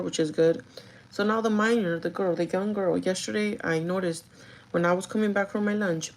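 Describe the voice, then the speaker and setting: A store manager talks to her livestream chat in a fairly low, creaky, slightly mellow voice, and the audio quality is poor. Her story is casual and gossipy, packed with "like" and the occasional swear word.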